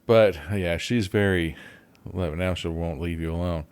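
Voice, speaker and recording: A man's voice: deep voice, a little slow, clear, resonant tone. A man from California chatting casually and joking on a podcast, swearing freely as he tells stories. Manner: profane, joking, animated storytelling.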